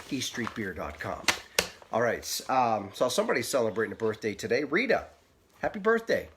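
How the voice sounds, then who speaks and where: A man presenting a casual weather forecast with a sponsor spot, talking in a relaxed, folksy way and wandering into small asides. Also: mid-range voice, moderate pace.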